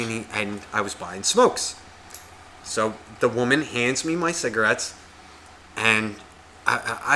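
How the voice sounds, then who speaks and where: A man's voice: mid-range voice, pushed and bright, a little hiss or hum. A man co-hosting a podcast, telling a rambling story in casual chat with constant swearing and acted-out quotes. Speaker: podcast co-host.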